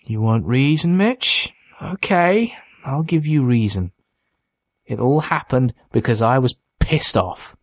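A man's voice: mid-range voice, lively intonation, takes it slowly, no echo, voice pushed up. A man voicing a bitter, taunting undead creature, the narrator's monstrous brother, in an audiobook. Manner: taunting, scornful. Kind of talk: audiobook character voice.

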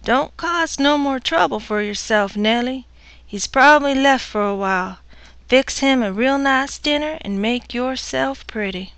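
A woman voicing an older country mother-in-law who is stern and dismissive, her pitch raised and her manner brisk and scolding. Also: a bit bright, clean tone, dry recording.

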